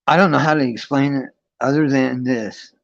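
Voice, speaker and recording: On his livestream from his friend's home, a man recounts a personal spiritual experience, rambling, restarting sentences, and swearing freely. Between parts of the story he pauses to read and greet his chat. His mid-pitched voice is steady with vocal fry at a moderate pace, and the lo-fi stream audio sounds slightly dull.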